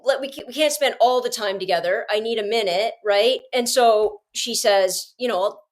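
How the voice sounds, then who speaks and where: A woman's voice: fairly high pitch, moderate pace. A woman podcast host telling a long story in casual chat, rambling with frequent restarts.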